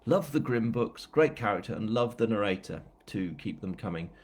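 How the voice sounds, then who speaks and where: A man's voice: lowish voice, lively intonation, normal speed, darkish tone. A man with a northern English accent, an author chatting casually and telling a story at a live book launch, rambling with self-mocking asides. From England.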